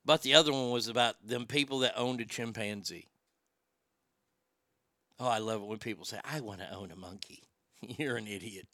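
A man's voice: medium pitch, bright, forceful tone, clear, resonant tone, dry recording, studio quality. A man, telling blunt, profane comic stories in a casual chat. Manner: profane, blunt, drawling storyteller. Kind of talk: casual comedic storytelling.

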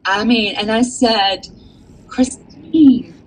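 A woman author, a guest, telling a personal story in an earnest, animated way with many fillers. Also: fairly low pitch, a little slow, rough recording. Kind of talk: storytelling in a casual chat.

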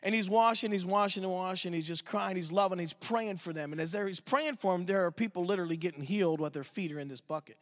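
A man preaching a sermon at a church service, telling stories in an animated, emphatic way as a youth pastor. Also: sits high, fast, few pauses. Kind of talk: sermon storytelling.

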